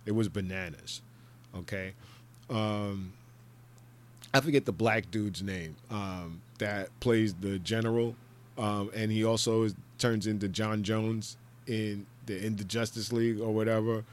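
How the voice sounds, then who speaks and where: A man's voice: steady tone, a little slow. A man hosting a solo podcast, giving a rambling, jokey and profane rant of pop-culture commentary. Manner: breaks into loud high-pitched impressions. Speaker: podcast host.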